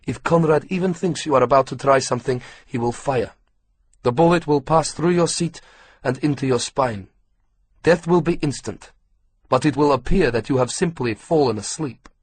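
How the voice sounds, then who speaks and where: A calm, menacing middle-aged villain, read by a man in an audiobook, speaking with slow, cold control. The voice is husky and breathy, with a plain, mid-range pitch. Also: lightly acted.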